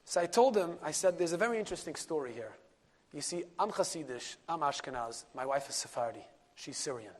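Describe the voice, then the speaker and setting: Animated man telling a story in a lecture. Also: fairly high pitch, brisk. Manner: animated storyteller, sprinkles Yiddish and Hebrew words, drops to a hush for key moments. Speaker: rabbi and lecturer. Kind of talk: storytelling Torah class.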